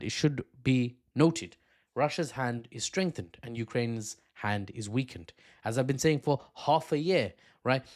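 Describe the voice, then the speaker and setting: Male commentator, mid-range voice, casual unscripted analysis, emphatic asides. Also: mid-range voice. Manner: talking off the cuff with restarts and asides, emphatic. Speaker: online political commentator.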